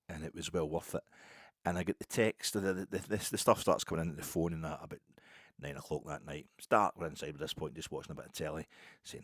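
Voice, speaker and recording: A man's voice: a bass voice, fast talker, breathy edge, no room sound, clean studio sound. A Scottish man hosting a podcast, telling a long story in a rambling, chatty monologue. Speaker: podcast host.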